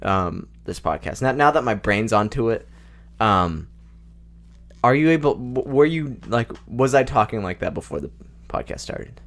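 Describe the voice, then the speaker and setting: A man's voice: medium pitch, expressive, moderate pace, a bit bright. A young man co-hosting a casual podcast chat, stammering, restarting and laughing often, close to his microphone. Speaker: podcast co-host.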